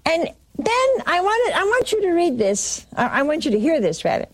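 A woman preaching, retelling a saint's vision with quoted dialogue and halting restarts. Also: very high voice, sing-song. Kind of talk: sermon storytelling.

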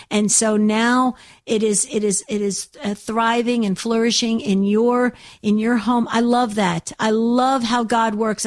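A woman hosting a call-in radio show, talking in an effusive, gushing way with many repeats. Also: a little high.

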